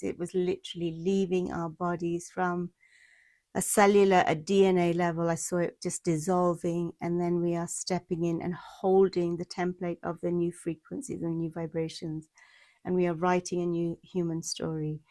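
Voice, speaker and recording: A woman's voice: on the low side, warm tone, no echo. A woman giving a spiritual monthly energy forecast, speaking in flowing, repeated lists, recorded outdoors in the mountains. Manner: flowing, repetitive lists of affirmations.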